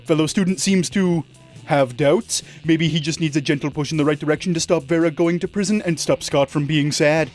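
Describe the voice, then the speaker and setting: A man's voice: fairly high pitch, a little fast, soft background music. A man reading game narration aloud in a wry, casual way.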